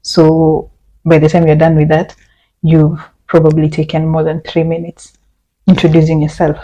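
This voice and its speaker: Calm woman teaching beginner French. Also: sits low, normal speed, highs cut off. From Kenya. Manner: patient, step-by-step explaining with repeated example phrases. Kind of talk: language lesson.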